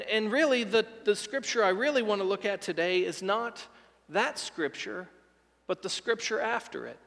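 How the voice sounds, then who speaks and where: A man's voice: sits high, creaky, fairly bright tone. A man preaching a sermon as a pastor, retelling a scripture story vividly with quoted dialogue. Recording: long reverb of a large hall.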